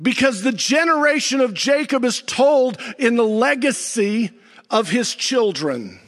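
High-voiced preacher in an echoing hall. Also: male voice, expressive. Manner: preaching with dramatic pauses, rising to near-shouts and dropping low. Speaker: pastor. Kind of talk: sermon.

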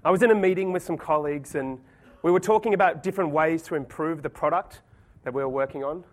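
An animated man telling a story on stage at a conference, pokes fun at himself. His voice sits high for a man. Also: quick pace. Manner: storytelling, self-deprecating, animated. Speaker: conference speaker. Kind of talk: conference talk with anecdotes.

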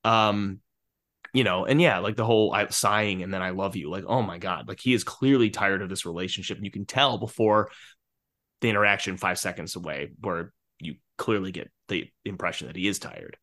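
Laughing, animated man chatting about a film. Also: low voice, brisk. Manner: animated, laughs often, restarts mid-sentence. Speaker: podcast co-host. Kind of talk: casual film discussion.

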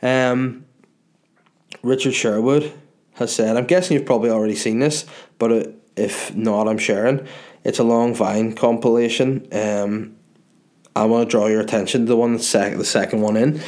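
Reading viewer messages aloud, this young comedian with a Northern Irish accent chats loosely, cracking jokes and swearing as he answers their questions. He speaks at a moderate pace in a steady, mid-range voice with a darkish tone.

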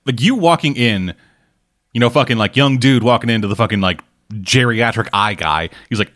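A man's voice: mid-range voice, moderate pace, a bit bright. Joking, swearing man in casual chat. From Canada. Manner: joking, heavy swearing, mocking impressions.

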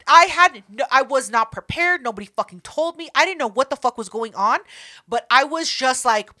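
Woman, young adult, high pitched, bright, casual profane storytelling. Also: normal speed. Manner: animated, profane, acts out voices.

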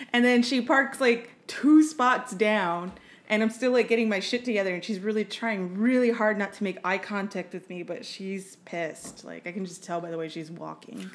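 A woman's voice: mid-range voice, normal speed. A woman co-hosting a casual podcast, telling a blunt, profane story with laughs. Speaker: podcast co-host. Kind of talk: casual chat.

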